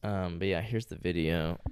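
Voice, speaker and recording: A young podcast co-host with a low, slightly mellow, smooth voice rambles through a story in casual conversation. He swears often and leans heavily on "like" and "you know," and the recording is dry and studio quality.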